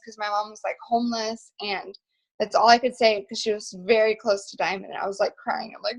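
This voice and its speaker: A young woman hosting a motivational team video call, telling stories in an excited, emphatic, rambling way. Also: mid-range voice, normal speed, rough recording.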